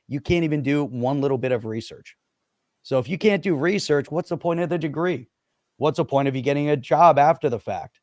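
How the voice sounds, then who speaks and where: A man's voice: a little high, normal speed, a little mellow, no echo. Man speaking close and dry. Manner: short agreeing interjections, then plain opinion talk. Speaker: podcast host. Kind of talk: casual political chat.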